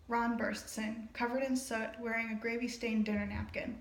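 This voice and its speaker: Chatty woman, higher voice, rambling asides, casual play reading, roomy echo. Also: level tone, moderate pace, few pauses. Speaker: reader and commentator.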